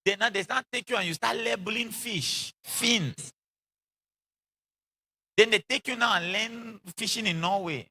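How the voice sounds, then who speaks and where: A man preaching a sermon in an animated way, acting out quoted voices and repeating lines for emphasis, with laughs between lines. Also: high-pitched, a little slow, long pauses, slightly rough.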